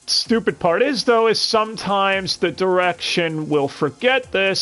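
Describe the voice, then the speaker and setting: A man's voice: fairly high pitch, fairly bright tone. A man reviewing an anime dub on a live stream, talking casually with frequent stammered restarts and blunt, profane sarcasm.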